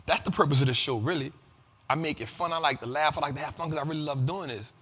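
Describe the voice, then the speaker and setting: A man hosting an investing show, talking in animated, profane casual commentary and often asking if listeners follow him. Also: a little high, fast, slightly rough, big-room sound. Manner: animated and profane, keeps asking "you feel me?". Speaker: host of a money and investing show.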